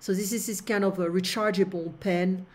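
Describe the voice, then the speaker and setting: A woman's voice: medium pitch, steady tone, normal speed, a little mellow. Teacher woman talking through a lesson. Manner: explains step by step with many fillers. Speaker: French teacher. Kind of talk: online language lesson.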